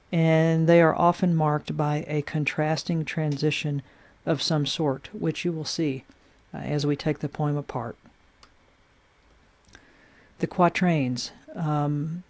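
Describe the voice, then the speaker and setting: A woman's voice: deep voice, a little mellow, no room sound. A woman teacher explaining sonnet form step by step in a recorded lesson, with frequent "uh" fillers.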